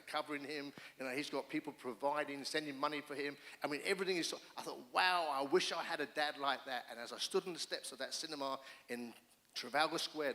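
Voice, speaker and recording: Forceful, animated male pastor. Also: mid-range voice. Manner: animated, emphatic storytelling. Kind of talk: sermon with personal stories.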